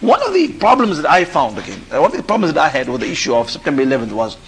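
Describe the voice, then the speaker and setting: A man from Africa speaking as a guest on a call-in discussion show, pausing and restarting his phrases as he talks. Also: on the high side, wildly swooping pitch, slightly rough. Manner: halting, repeats and restarts phrases. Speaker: panel guest.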